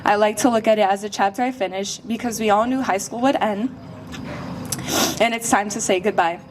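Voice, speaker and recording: A teenage young woman speaks a personal graduation speech with heartfelt earnestness. Her voice has a middling pitch and an even, sincere delivery. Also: brisk, slight background noise. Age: late teens. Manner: heartfelt, earnest, a little emotional.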